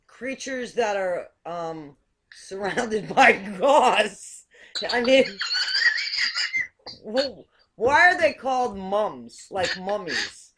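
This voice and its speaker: A woman's voice: medium pitch, fairly bright tone. A woman hosting a casual game-show chat over a video call, playful and teasing. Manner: playful, teasing, laughing often. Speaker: talk show host.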